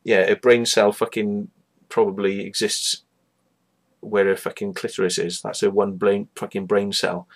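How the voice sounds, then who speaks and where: A man hosting his own show, ranting casually with lots of swearing, scorn and rambling asides. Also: fairly low pitch. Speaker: host. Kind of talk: casual profane rant.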